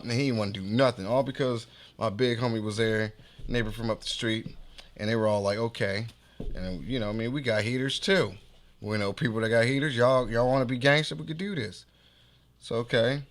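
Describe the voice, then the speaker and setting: A man's voice: mid-range voice, a little fast. A man hosting a podcast, telling a street story in slangy casual talk and acting out the voices of the people in it. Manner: animated, slangy, acts out quoted voices. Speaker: podcast host.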